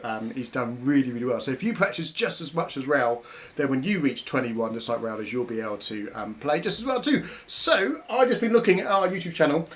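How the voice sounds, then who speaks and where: A man's voice: medium pitch, fairly bright tone. A man hosting a live online drumming workshop from home on a webcam, chatty and cheerful, counting rhythms aloud. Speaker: workshop facilitator and host. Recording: drums heard behind.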